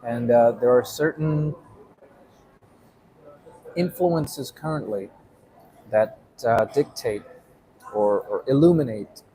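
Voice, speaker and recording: A man's voice: medium pitch, slow pace, long pauses, mellow, a little hiss or hum, low-quality recording. A man giving a casual explainer monologue, rambling with many fillers and tagging points with "right?". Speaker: vlogger.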